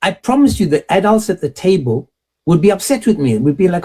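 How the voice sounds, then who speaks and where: Male host, husky and mellow, rhetorical commentary with a mocking, emphatic edge. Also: high-pitched, big pitch swings, fairly quick. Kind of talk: opinionated commentary monologue.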